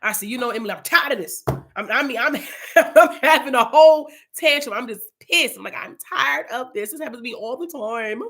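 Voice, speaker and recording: A woman's voice: fairly high pitch, a little fast, bright, forceful tone. A young woman leading an informal Bible study, chatty and casual, telling personal testimony.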